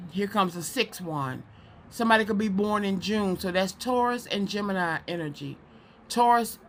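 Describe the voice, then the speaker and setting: A woman with a mid-range voice gives a psychic card reading to the camera. She's chatty and animated, repeats words often, and tends to slip into preaching.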